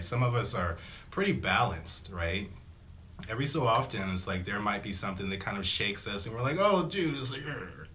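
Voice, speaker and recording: Low-voiced, slangy man rambling about energy. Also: fairly bright tone, slight background noise. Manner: acts out little voices for examples. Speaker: spiritual self-help vlogger. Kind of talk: casual motivational talk to camera.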